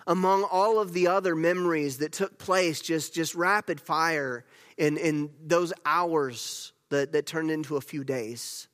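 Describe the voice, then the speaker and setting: Preacher in a reverberant hall, high-ish voice. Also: male voice. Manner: storytelling preacher, swings from loud emphasis to hushed near-whisper. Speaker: pastor. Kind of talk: sermon.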